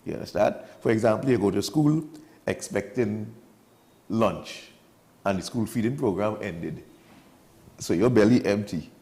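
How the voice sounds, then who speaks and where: A man's voice: on the low side, unhurried, pauses often, dark tone. A man with a Trinidadian accent, a guest on a morning TV show, chatting and joking as he explains animals with local sayings. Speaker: studio guest explaining wildlife. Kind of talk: casual chat on a morning TV show. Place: TV studio.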